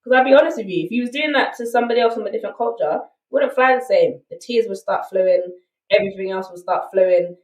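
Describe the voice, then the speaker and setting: A woman's voice: mid-range voice, fast talker, roomy sound, distant mic, low-quality recording. A woman with a South London accent, a podcast guest telling her story candidly and emphatically, often checking in with "right?". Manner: emphatic, rhetorical asides like "right?".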